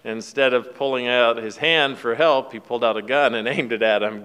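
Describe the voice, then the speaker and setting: A man's voice: mid-range voice, steady tone, moderate pace, hardly any pauses, fairly bright tone, clear, resonant tone. A man giving a casual devotional talk, retelling a film scene in a folksy, rambling way with fillers and restarts. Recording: long hall reverb.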